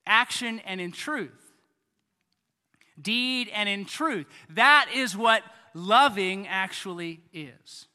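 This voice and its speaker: A man in his thirties preaching a sermon in a conversational way, often repeating words and swinging between loud and quiet. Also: sits high, in a large hall. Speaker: pastor.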